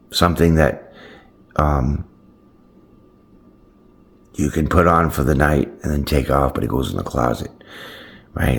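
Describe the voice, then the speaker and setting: Deep-voiced man giving a casual pep talk. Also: vocal fry. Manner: keeps checking in with "right?" and "my friends"; loose, slangy and upbeat, with playful swearing. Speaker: tarot channel host. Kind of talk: casual motivational chat to camera.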